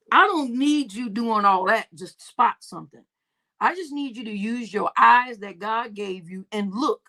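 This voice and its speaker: Bright-voiced woman chatting on a livestream. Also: on the high side. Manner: laughing, profane, storytelling with acted quotes. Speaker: livestream host. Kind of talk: casual livestream chat reading comments.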